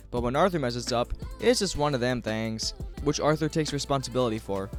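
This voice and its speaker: A man's voice: medium pitch, animated, a little fast, few pauses, faint music behind. Mumbling man recapping a game. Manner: mumbling, crude and joking. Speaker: gaming commentator. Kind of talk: casual game recap narration. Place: home room, recorded late at night.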